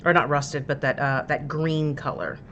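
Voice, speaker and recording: Low-voiced woman chatting through a painting tutorial. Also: normal speed, a bit bright, dull audio, a little hiss or hum. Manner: chatty and explanatory, with frequent fillers and laughter. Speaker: miniature painting livestream host. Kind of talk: casual paint-along tutorial.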